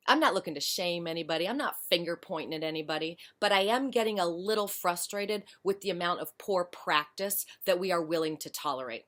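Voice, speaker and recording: A woman's voice: lowish voice, a little fast, hardly any pauses, fairly bright tone. A woman early childhood educator talking to fellow teachers in a frank, passionate and emphatic way. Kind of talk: casual spoken commentary.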